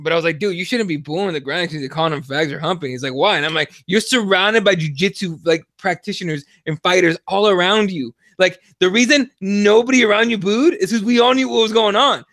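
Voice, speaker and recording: Brief: young man, high pitched, animated and foul-mouthed podcast co-host, dry close sound. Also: a little fast, few pauses, dry recording. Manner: profane, animated storytelling. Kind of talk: casual chat.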